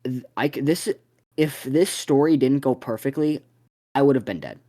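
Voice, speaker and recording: A young adult podcast co-host telling a story in casual chat, swearing constantly and rambling with sudden excited bursts. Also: mid-range voice, normal speed.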